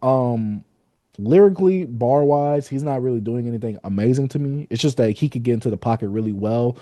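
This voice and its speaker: Dark-voiced man giving laid-back hot takes. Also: mid-range voice, no echo, studio quality. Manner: laid-back, opinionated, drawn-out fillers. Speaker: podcast co-host. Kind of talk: casual podcast chat.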